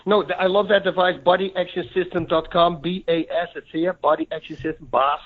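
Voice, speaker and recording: A middle-aged man speaks as a podcast guest, eager and rambling, often restarting his sentences. His voice sits a little high for a man. He comes through a thin, tinny phone line. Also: steady tone, a little fast. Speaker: guest, former fighter. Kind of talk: casual podcast interview.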